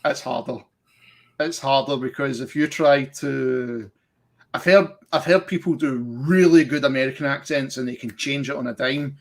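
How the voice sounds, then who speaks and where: Scottish guy on a podcast, casual chat, lots of ums and restarts, normal pitch. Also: normal speed. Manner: hesitant, full of ums and restarts. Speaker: podcast guest.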